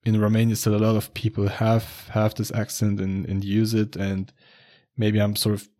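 A man's voice: on the low side, monotone, normal speed, warm tone. A man chatting casually, rambling a little and hesitating with many restarts. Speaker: conversation partner. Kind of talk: casual chat.

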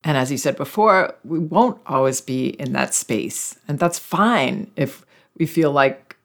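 A woman's voice: sits low, animated, a little slow. A woman hosting a conversational interview, reflective and often seeking agreement with tag questions. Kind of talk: conversational interview about parenting.

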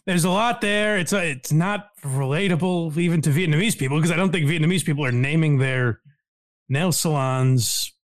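A man's voice: fairly high pitch, normal speed. A man hosting a casual podcast, talking in a wry, sarcastic way. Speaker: podcast host.

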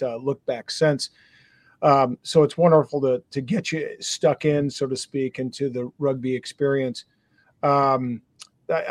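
A man co-hosting a podcast, asking questions in a measured way with many fillers. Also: mid-range voice, a little mellow, no room sound. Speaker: podcast co-host.

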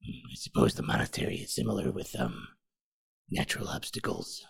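A man playing his character in a tabletop game, speaking in a measured, deliberate way. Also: a bass voice, big pitch swings, creaky, breathy edge. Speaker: player.

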